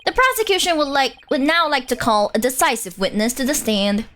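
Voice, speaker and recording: A woman's voice: high voice, animated, fairly quick, fairly bright tone, a little hiss or hum. A woman reading the lines of a smug, unpleasant male prosecutor in a formal, snide manner.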